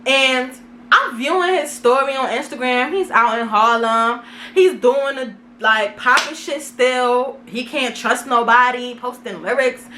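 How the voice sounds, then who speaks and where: A young woman vlogger telling a casual storytime, animated and dramatic, full of slang. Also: high-pitched, unhurried, slight background noise.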